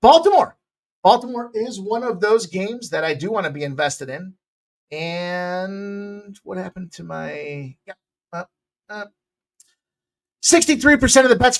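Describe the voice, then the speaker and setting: A man hosting a sports betting picks show, talking casually in a loose, jokey way with bursts of loud excitement. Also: high voice.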